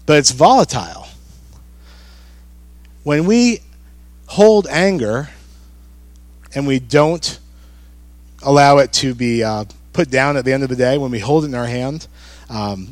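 A man preaching a sermon in church, close to a dry mic. His voice sits at an ordinary middle pitch. He talks to the congregation in a loose, conversational way, circling back to the same phrases and asking them questions. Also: no echo. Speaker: pastor.

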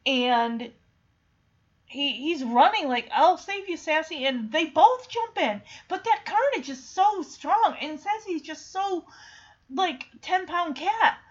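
A woman's voice: high voice, lively intonation, takes it slowly, dull audio. A woman in casual chat retelling a film, chatty and emotional with many fillers.

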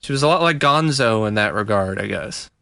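A man's voice: lowish voice, expressive, fairly quick, vocal fry, pushed and bright, dry recording, clean studio sound. A man co-hosting a casual true-crime podcast, recounting a case in a laid-back way with fillers and chuckles. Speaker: podcast co-host.

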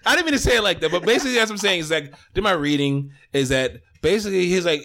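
A man's voice: sits high, animated, racing, few pauses, pushed and bright. Laughing, rambling podcast co-host man. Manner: rambling, profane, laughs often. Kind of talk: casual chat.

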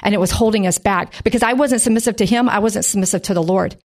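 A middle-aged woman giving a lively testimony in a sermon and acting out the voices in her story. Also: mid-range voice, fast. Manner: animated storytelling, acts out voices. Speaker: pastor's wife giving testimony.

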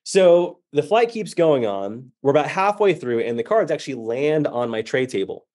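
A man giving a motivational talk, telling a story with lively energy and acting out the voices of people in it. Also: fairly high pitch, normal speed. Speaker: keynote speaker.

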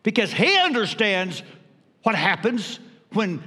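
An older man preaching a sermon as pastor, emphatic with dramatic pauses. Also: fairly high pitch, sing-song, husky. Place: church sanctuary. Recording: reverberant church hall.

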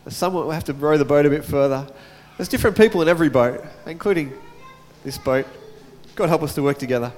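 Man, pastor, high voice, casual sermon, long church-hall reverb. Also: fast, a little mellow. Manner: chatty, jokes with the congregation. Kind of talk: sermon with Bible reading.

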